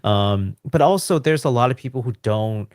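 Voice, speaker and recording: A man co-hosting a gaming podcast, laid-back and quick to laugh in casual chat. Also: medium pitch, lively intonation, darkish tone, no echo, studio quality. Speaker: podcast co-host.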